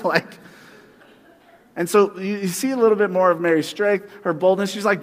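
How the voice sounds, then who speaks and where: A man preaches in a fairly high, conversational voice that turns animated and slows down for emphasis. His voice carries through the long reverb of a large hall. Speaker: pastor. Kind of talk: sermon.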